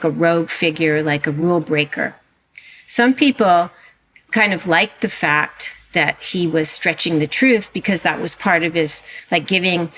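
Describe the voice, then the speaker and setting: A woman with a lowish voice talks as a podcast guest. She is animated and emphatic, often restarting her sentences as she builds a point. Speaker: guest historian and author. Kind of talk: conversational interview.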